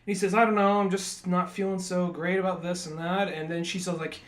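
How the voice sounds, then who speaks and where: Bright, high-voiced man co-hosting a podcast. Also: level tone, brisk. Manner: rambling, profane, laughs at his own retellings. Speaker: podcast co-host. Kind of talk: casual chat.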